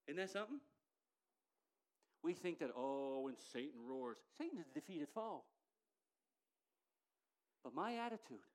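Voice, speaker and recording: A middle-aged woman delivers a sermon, her pitch swinging widely as she presses her points. She talks emphatically and climbs to loud, ringing declarations, then drops back to earnest, close talk. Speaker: preacher.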